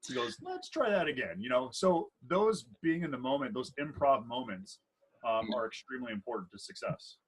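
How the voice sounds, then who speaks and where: This is a man in his thirties, a wedding DJ and MC co-hosting a podcast, with a slightly husky, breathy tone. He talks at a middling pitch, telling stories in a playful, rambling way with lots of restarts. The mood is a casual chat between colleagues. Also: moderate pace, rough recording. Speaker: wedding DJ and MC, co-host.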